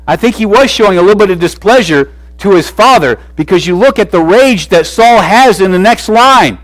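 A man preaching a sermon in an animated way, swinging between loud and soft with frequent restarts. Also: sits high, normal speed, no room sound, rough recording.

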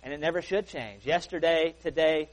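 During a church service, a man preaches an earnest, folksy sermon with folksy asides, swelling on key words and then dropping low and soft. He speaks at a moderate pace, and the audio quality is poor.

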